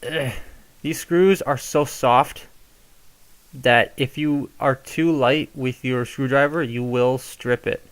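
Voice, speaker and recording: A man's voice: medium pitch, fairly even intonation, slow, smooth. A young man casually showing how to modify a toy, chatty and given to rambling asides. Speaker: toy reviewer. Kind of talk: casual hands-on tutorial.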